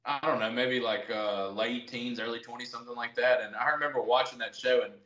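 Man in his thirties, podcast guest, bright forceful voice, acts out his reactions mid-story, roomy room echo, dull lo-fi sound. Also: mid-range voice, fairly even intonation, a little fast. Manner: storytelling, acting out his own reactions in quotes. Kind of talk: casual chat.

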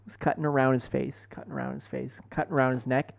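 A young man co-hosting a podcast, telling stories in a profane, animated way. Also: mid-range voice, quick pace, vocal fry. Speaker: podcast co-host. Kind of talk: casual chat. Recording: dull lo-fi podcast mic.

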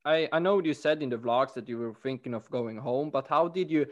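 A man hosting a casual podcast interview, relaxed, with lots of "yeah"s as he listens. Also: mid-range voice, brisk, muffled recording. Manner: laid-back, frequent affirming yeahs and laughs. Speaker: podcast host.

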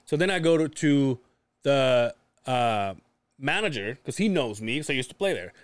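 A man's voice: mid-range voice, lively intonation, normal speed, clean tone, no echo. A man co-hosting a podcast, telling a long story in a rambling, profane, casual way. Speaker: podcast co-host.

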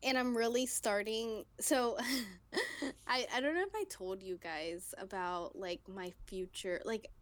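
A woman's voice: medium pitch, animated, slow, no room sound. A woman co-hosting a podcast in casual chat, giggly and full of fillers. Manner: chatty, giggly, lots of fillers. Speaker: podcast co-host.

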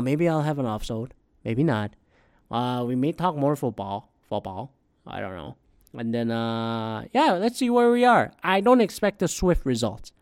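A man rants through a casual solo podcast, loose and rambling, with frequent swearing and exasperated asides. His voice sits at an ordinary middle pitch. The sound is dry and close, with almost no room around it. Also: darkish tone, no room sound. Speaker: podcast host.

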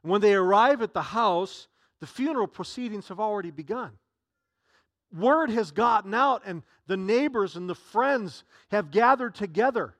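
Male pastor preaching a sermon, high voice, dry close sound, earnest with frequent restarts. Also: animated, normal speed, a bit bright, dry recording.

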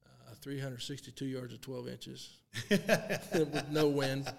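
A man's voice: mid-range voice, steady tone, slow pace, gravelly. A man in his sixties tells a story in a casual interview, with a mid-range voice. He animates it by acting out what people said and laughs often along the way. His voice rings with a long room reverb. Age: 60s. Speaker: guest, long drive champion.

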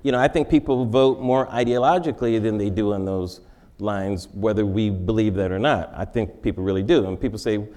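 A man's voice: on the low side, fairly even intonation, fairly quick, warm tone. A male comedian giving a wry comic lecture in a large forum, interviewing himself and laughing at his own jokes.

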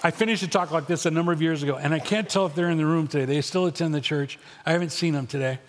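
A man's voice: on the high side, rapid-fire. A middle-aged man preaching a sermon as pastor, blunt and conversational with touches of humor. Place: church auditorium. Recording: long hall reverb.

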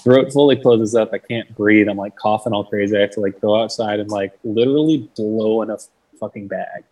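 A young man with a low, husky voice tells his story casually, with a lot of cursing and "like". He acts out the people he quotes. He sounds a bit distant from the microphone. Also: a little fast, warm tone. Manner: swears freely, fills with 'like', acts out quoted people. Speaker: guest. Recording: mic set back from the speaker.

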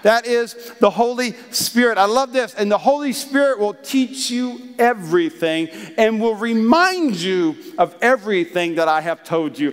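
High-voiced pastor preaching in a reverberant church hall. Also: male voice. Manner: animated, conversational preaching with acted asides. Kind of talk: sermon.

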